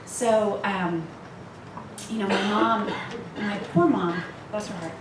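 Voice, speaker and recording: A woman in her fifties, with a mid-range voice and a slow pace, talks candidly to a women's retreat, laughing often and poking fun at herself. She is in a retreat meeting room, recorded on a far mic in an echoey, noisy space.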